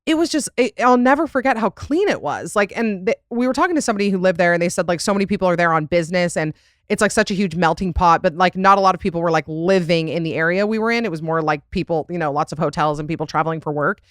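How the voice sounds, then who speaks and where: A woman's voice: on the low side, fast talker, no room sound. Young woman podcast host rambling casually, lots of likes and laughs, dry mic. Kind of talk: casual chat.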